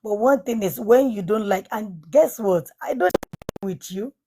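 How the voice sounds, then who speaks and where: A woman's voice: medium pitch, moderate pace, mellow, a little hiss or hum. A woman with an African accent on a live panel, defending her opinion in an insistent, repetitive way. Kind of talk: live audio panel discussion.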